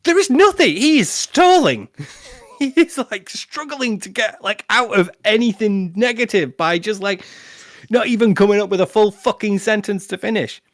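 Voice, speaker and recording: A sardonic man picks apart what he hears, and he often mimics the speaker he is mocking. His voice sits a little high and is recorded close and dry, with no room sound. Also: normal speed, fairly bright tone, dry recording. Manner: sardonic and analytical, mocks by imitating. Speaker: co-host guest. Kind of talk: casual reaction commentary.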